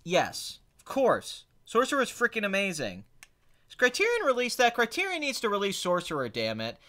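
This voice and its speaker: A man's voice: sits high, moderate pace. A man hosting a podcast, chatting casually about movies in a blunt, sarcastic, opinionated way. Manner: blunt, opinionated, sarcastic, swings between flat and excited. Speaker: podcast host answering chat questions.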